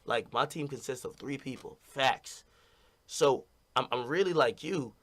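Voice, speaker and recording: A man's voice: medium pitch, unhurried, fairly bright tone. A man talking casually and bluntly to his stream audience, rambling and repeating "you know what I mean".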